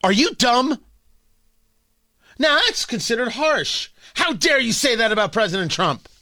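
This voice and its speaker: A man's voice: very high-pitched, normal speed, no room sound. A man hosting a talk radio show in an opinionated monologue, sarcastic and emphatic, on a close studio microphone. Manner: sarcastic, emphatic, animated delivery.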